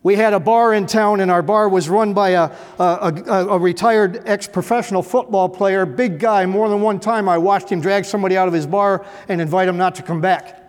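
A man's voice: high voice, steady tone, moderate pace, hardly any pauses. A middle-aged man, a former police officer, telling humorous stories to an audience in a folksy way with dry, self-mocking humor. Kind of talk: humorous storytelling talk to an audience. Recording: echoey hall reverb.

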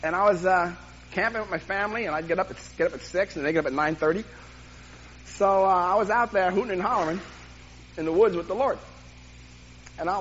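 An older man preaching a sermon, telling a personal story with self-deprecating humor and animated delivery. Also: sits high, lo-fi sound, slight background noise. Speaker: pastor.

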